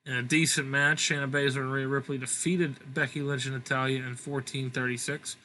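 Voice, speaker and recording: A man's voice: medium pitch, level tone, fairly quick, bright, forceful tone, slight background noise, low-quality recording. A young man casually reading out match results from a game, plain with dry asides. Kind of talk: casual gaming commentary.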